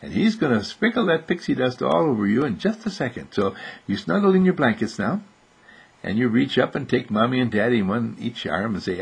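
A man telling a playful bedtime story to children in an animated, sing-song way, slipping into little voices and easing toward sleep. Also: medium pitch, a little fast, gravelly, slightly rough. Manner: soothing and soft when winding down to sleep.

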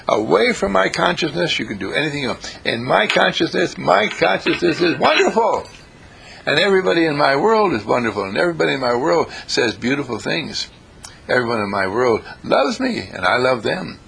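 A man giving a rambling, anecdotal spiritual talk who swings his pitch up and down for emphasis. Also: very animated, moderate pace, gravelly, fairly bright tone, slight background noise. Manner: storytelling, swings pitch for emphasis, laughs at himself.

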